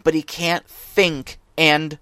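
A man's voice: a little high, flat delivery, slow pace, fairly bright tone, clear, resonant tone, no echo. Rambling man co-hosting a podcast. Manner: rambling, many restarts and fillers. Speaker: podcast co-host. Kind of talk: casual chat.

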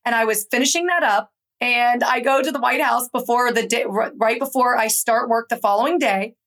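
A young adult woman from Georgia, a guest author telling her story in an animated, conversational interview. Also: on the high side, moderate pace. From Atlanta, Georgia. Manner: animated, acts out quoted voices in her stories.

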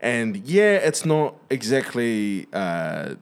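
A young man from New Zealand with a New Zealand accent, a comedian chatting as a podcast guest, animated and swearing freely. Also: medium pitch, slow, clean tone. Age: young adult. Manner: animated, swears freely, says bro a lot. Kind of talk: casual podcast chat.

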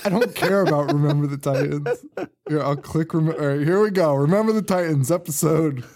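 A man's voice: fairly high pitch, brisk, a little mellow. A man co-hosting a horror movie podcast, chatting casually, rambling and swearing with frequent laughter. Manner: rambling, profane, laughs often. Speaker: podcast co-host. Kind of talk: casual film-review chat.

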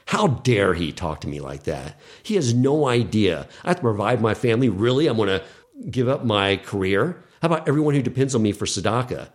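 A man's voice: lowish voice, very animated, a little fast. A middle-aged man, a podcast guest, earnestly telling a personal story in casual conversation and acting out the dialogue he quotes.

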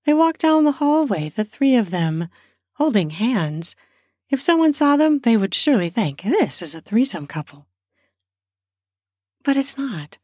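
A woman's voice: high voice, big pitch swings, normal speed, darkish tone, no echo, clean studio sound. A woman improvising an erotic story off the cuff, narrating in a spontaneous, conversational way.

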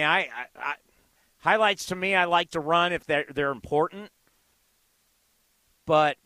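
A man with a high, bright, forceful voice hosts a postgame call-in show on the radio. He speaks emphatically and keeps circling back to his key points. The sound is dry and close, with no room around it. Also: no echo, low-quality recording. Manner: emphatic, repetitive, promotional. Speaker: radio sports talk show host.

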